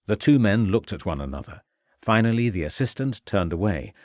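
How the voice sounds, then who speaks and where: A man narrating an audiobook mystery in a measured, expressive storytelling style. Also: fairly low pitch, dry recording, studio quality. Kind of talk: scripted narration.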